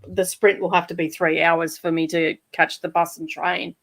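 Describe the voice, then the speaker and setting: A woman's voice: on the low side, level tone, moderate pace, gravelly. An Australian woman hosting a reading sprint, chatting casually over a video call in a rambling, giggly way with lots of fillers. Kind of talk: casual chat.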